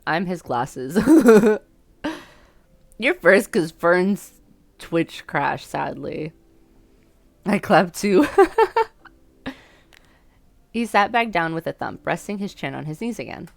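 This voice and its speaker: A woman's voice: lowish voice, animated, takes it slowly, vocal fry, long pauses, no room sound. A young woman streaming a dating sim, reading the game text aloud and chatting about it in a self-mocking way, laughing often. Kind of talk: casual let's-play commentary and reading game text aloud.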